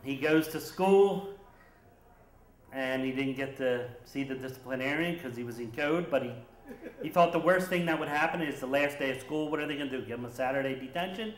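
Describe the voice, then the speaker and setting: A man telling a personal story on stage at a story slam, animated and lively as he acts out the scenes. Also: mid-range voice, a little fast. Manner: lively, animated retelling with acted quotes. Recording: roomy echoing hall.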